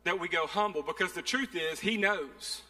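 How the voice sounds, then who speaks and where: A man's voice: high-pitched, moderate pace, pushed and bright. A man preaching a sermon, earnest and conversational, often repeating phrases. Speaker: pastor. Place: church sanctuary. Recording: long hall reverb.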